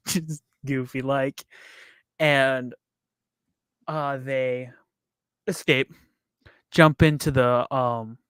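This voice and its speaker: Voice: medium pitch, fairly bright tone, no room sound, studio quality. A podcast co-host casually retelling a movie's plot scene by scene, laughing along the way. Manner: retells scenes with quick acted quotes, laughs often. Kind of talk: casual movie recap chat.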